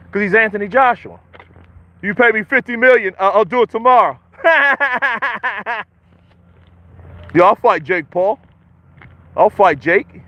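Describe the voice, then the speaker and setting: Man, Philadelphia accent, boxing chat host, casual and hyped, higher pitch. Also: a bit bright. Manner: loose, joking, hypes up with repeated chants. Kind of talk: casual live-stream chat.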